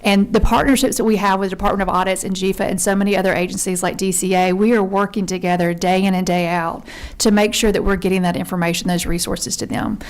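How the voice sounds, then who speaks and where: A woman's voice: mid-range voice, level tone, quick pace. A woman from Georgia giving earnest, conversational testimony before a legislative committee as a member service consultant. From Georgia, USA. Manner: earnest, conversational, says y'all.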